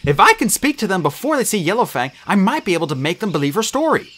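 A man's voice: high-pitched, very animated, fast talker, fairly bright tone, voice pushed up, heavily acted. A man voicing an eager young male apprentice cat who speaks urgently and earnestly.

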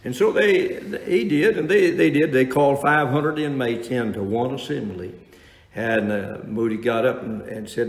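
A man's voice: on the low side, steady tone, moderate pace. A man preaching a sermon as pastor, telling a story in a folksy way with frequent restarts and fillers, then rising to emphatic preaching as he reads scripture. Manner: rises to emphatic preaching when reading scripture. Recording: roomy hall reverb.

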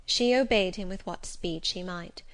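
Measured woman audiobook narrator. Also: fairly low pitch. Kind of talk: scripted narration.

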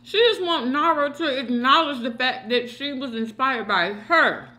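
A woman's voice: high-pitched, a little slow, bright, forceful tone. A woman hosting a mukbang, chatting casually while she eats and giving her opinions straight to her viewers. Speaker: mukbang host. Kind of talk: casual chat while eating.

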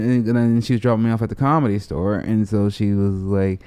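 A man hosting a podcast in casual chat, talking in a relaxed, halting way. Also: fairly low pitch, clear, resonant tone. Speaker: podcast host, comedian.

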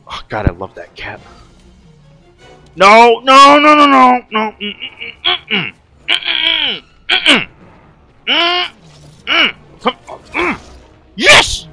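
Animated, loud young man gaming. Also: very high voice, slow, long pauses, soft background music. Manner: loud, jokey, swears a lot, yells and chants during fights. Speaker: gaming streamer. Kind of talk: excited gameplay commentary.

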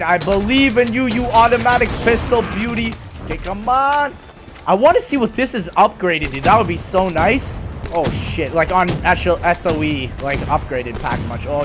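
A young man giving excitable live commentary over a video game, swearing and talking to the characters on screen. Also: high-pitched, noisy background. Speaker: gaming YouTuber. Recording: voice over loud game audio.

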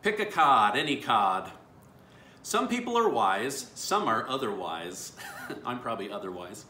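A man reads dad jokes for his family video, chuckling at each punchline. His voice is bright and swings up and down a lot. The room is echoey, with a little noise underneath. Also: medium pitch, sing-song, unhurried. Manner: laughs at his own jokes. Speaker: YouTube host reading viewer dad jokes. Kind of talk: casual family vlog.

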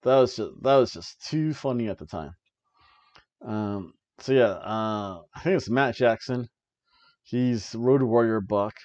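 A man hosting a wrestling review podcast, chatting casually through a match recap, laughing often and filling pauses with ums. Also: medium pitch, a little mellow, no echo, muffled recording.

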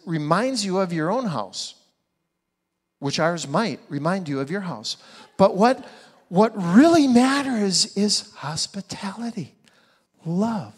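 A male pastor preaches slowly, spacing out every phrase, with a voice pitched a little above the usual. He keeps putting rhetorical questions to his congregation and leans hard on his key words. His voice rings out in a church sanctuary with a long reverb. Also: animated, husky. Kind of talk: sermon.

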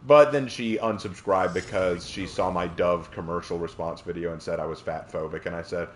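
A man's voice: low-pitched, fairly even intonation, normal speed, noisy background. A man from South Carolina hosting a game live stream, chatting in a rambling, jokey way with goofy asides. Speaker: streamer host. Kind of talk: joking live-stream chat while gaming.

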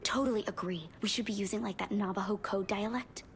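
An actress playing a paranoid young female hacker ally in a video game, with a dry, clipped, deadpan delivery. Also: medium pitch, brisk, slight background noise, lightly acted. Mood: wary. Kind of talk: video game cutscene dialogue.

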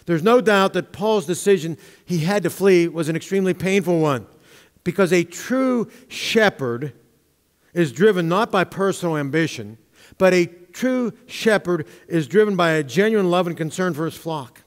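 A man preaching a sermon as pastor, with emphatic, drawn-out stresses and humorous asides, in a church sanctuary. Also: high-pitched, animated. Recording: long reverb of a church hall.

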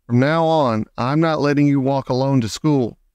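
A man's voice: medium pitch, moderate pace, a little mellow, clean tone, no echo, muffled recording, close to an everyday voice. A man reading a storybook aloud, voicing a protective elderly grandmother who speaks firmly and reassuringly. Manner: firm, reassuring.

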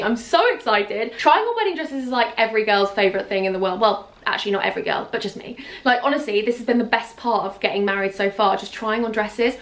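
Gushing woman in an echoey room. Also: fairly high pitch. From England. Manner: gushing, chatty, excitable. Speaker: vlogger. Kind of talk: casual chat to camera. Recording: echoey room from a distance off the mic.

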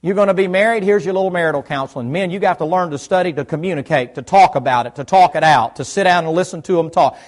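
A man's voice: fairly high pitch, quick pace, few pauses. A middle-aged man, preaching a folksy sermon in church and quizzing his listeners. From United States South. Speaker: pastor.

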